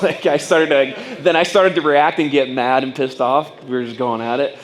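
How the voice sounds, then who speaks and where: A man's voice: mid-range voice, brisk, hardly any pauses. A man telling a personal story to a room of fellow business owners, rambling and casual, acting out what people said. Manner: rambling and casual, full of fillers and acted-out quotes. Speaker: speaker at a business training event. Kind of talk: personal story told to an audience.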